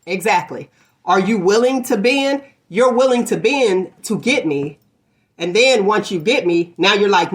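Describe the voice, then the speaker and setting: Speaking a little slowly and expressively, a woman podcast host makes her case in a relaxed talk-show debate. She stays emphatic, looping back to the same phrases like a refrain so she keeps the floor, and her pitch is middle-register.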